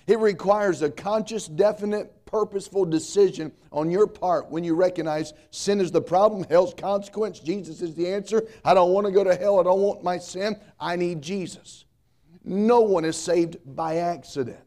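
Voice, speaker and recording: A man's voice: high voice, moderate pace, warm tone. A middle-aged man preaching a sermon as pastor, emphatic, repeating key points and mixing in humor.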